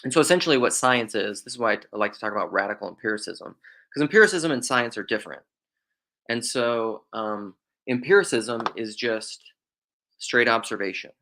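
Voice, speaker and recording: Gravelly, bright-toned man thinking aloud. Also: mid-range voice, brisk. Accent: faint Western South Dakota drawl. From Western South Dakota. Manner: rambling, restarts often, thinking aloud. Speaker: podcast host. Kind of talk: casual theological monologue.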